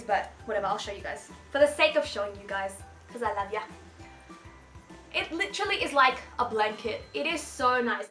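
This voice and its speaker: Young woman, twenties, chatty haul vlogger, high voice, roomy echo. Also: bright, forceful tone. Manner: bubbly, chatty, rambling with many asides. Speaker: fashion vlogger. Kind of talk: casual shopping haul chat. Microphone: camera mic. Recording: roomy echo, faint music.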